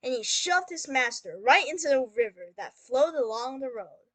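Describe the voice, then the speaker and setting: A woman teacher reading a fairy tale aloud for English learners, explaining slowly and clearly. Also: high-pitched, expressive, no echo. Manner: slow, clear, explains then reads aloud. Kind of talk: storybook read-aloud for learners.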